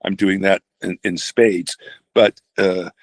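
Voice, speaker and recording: Older man, retired pastor, fairly low gravelly voice, halting restarts, dry close sound. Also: flat delivery, no echo. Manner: halting, with many restarts and pauses. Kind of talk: reflective personal storytelling.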